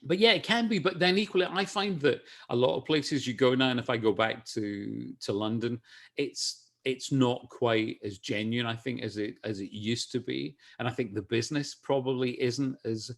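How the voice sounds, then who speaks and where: A man's voice: medium pitch, moderate pace, creaky, fairly bright tone. Chatty Scottish man, middle-aged. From Scotland. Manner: chatty, many restarts, laughs easily. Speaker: guest. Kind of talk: casual video-call interview.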